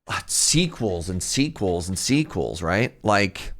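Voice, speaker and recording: A young man with a lowish voice talks through a game showcase on his live stream. He rambles and corrects himself. His pitch jumps sharply whenever something catches his eye. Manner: rambling, chatty, quick pitch jumps when excited. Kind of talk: casual live-stream commentary.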